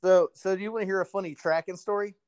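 A man's voice: sits high, steady tone, fast, darkish tone, clean tone, no echo. Profane laid-back man telling hunting stories. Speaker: podcast co-host. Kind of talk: casual chat.

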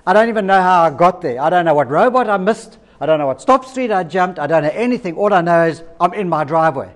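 High-voiced preacher. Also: male voice, fast talker. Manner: animated storyteller acting out quoted dialogue. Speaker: pastor. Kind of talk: sermon with personal story.

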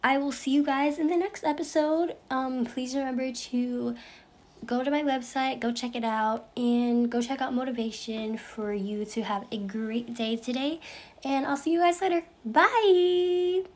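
A woman's voice: fairly high pitch, steady tone, measured pace, darkish tone. A young woman hosting a podcast, bubbly and giggly, who stumbles over her words and restarts her intro again and again. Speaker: podcast host. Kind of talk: casual blooper reel of podcast intros.

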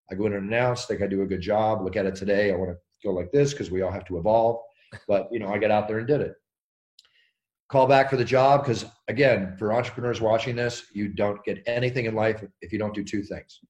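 Middle-aged guy talking fast, lowish voice, full of energy, acts out the stories as he goes. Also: highs cut off. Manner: energetic, tells stories with sound effects and acted quotes. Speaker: interview guest, ring announcer. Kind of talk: animated storytelling.

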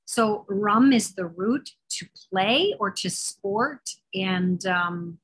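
A woman's voice: mid-range voice, takes it slowly, slightly rough. A woman guest on a podcast, explaining Sanskrit words in a careful, patient way. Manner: careful, explanatory, warm laughter. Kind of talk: casual podcast interview.

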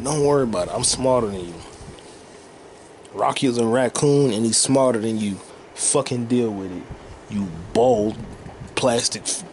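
A man hosting a casual podcast, rambling profanely while playing a video game at home. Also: medium pitch. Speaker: podcast host. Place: home room with a fan running. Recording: noisy home recording with fan hum.

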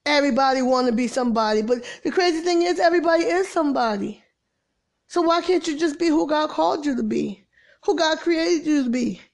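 A woman preaching an informal sermon, swinging from exasperated emphasis to soft, near-whispered lines. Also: sits high, lively intonation, fairly quick, vocal fry.

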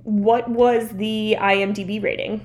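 A woman's voice: mid-range voice, flat delivery, a little slow, crowd noise. A young woman co-hosting a podcast, chatting casually, rambling with lots of "like" and laughing often. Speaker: podcast co-host. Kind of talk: casual chat.

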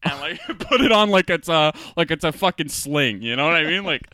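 A man's voice: fairly high pitch, lively intonation, fairly quick, sharp tone, no room sound, studio quality. A man co-hosting a podcast, telling a story in a casual, profane way and laughing often. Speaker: podcast co-host. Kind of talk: casual chat.

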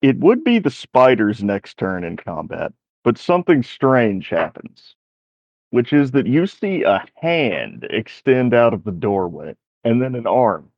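A man narrating as game master in a slow, descriptive storytelling manner. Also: medium pitch, very animated, a little mellow, no echo. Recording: dry, dull sound.

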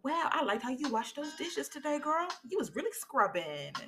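A woman voicing a flirty admirer who showers her with playful compliments, pitched high above her usual talk. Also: sing-song, normal speed, a bit bright, slight background noise. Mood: gushing. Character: flirty woman hyping herself up.

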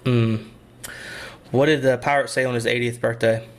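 A man in his thirties trading dad jokes in a casual chat, with a slow, drawn-out delivery and hesitant ums between jokes. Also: mid-range voice, fairly even intonation. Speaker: joke teller in a try-not-to-laugh game. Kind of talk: casual joke swapping.

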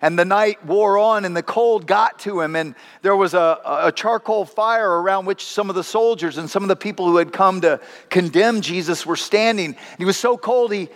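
A man's voice: high voice, moderate pace, hardly any pauses. A male pastor preaching a sermon, telling stories with acted voices and wry asides. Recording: long hall reverb.

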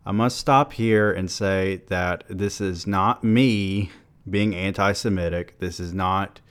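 A man hosting a podcast, reading his own literary essay aloud in a measured, analytical way with dry asides. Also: low-pitched, fairly even intonation, clear, resonant tone. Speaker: podcast host.

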